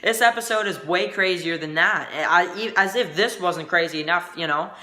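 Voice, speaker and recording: A man giving a casual spoken review of a TV episode, rambling and halting with many restarts. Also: high voice, bright, forceful tone, roomy sound.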